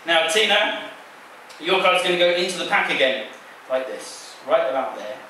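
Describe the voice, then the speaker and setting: Playful stage magician in an echoey theater. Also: male voice, a little high, sing-song, moderate pace, bright, forceful tone, slight background noise. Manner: playful, teasing patter with a volunteer. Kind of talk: live stage magic patter. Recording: echoey theater sound from a distance.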